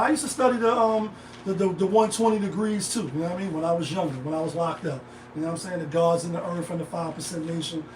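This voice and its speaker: A man's voice: very high voice, far from the mic, slight background noise. A middle-aged man hosting a live stream, talking casually in a rambling, slang-heavy way. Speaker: livestream host. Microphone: phone set back from the speaker. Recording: echoey room, voice off-mic.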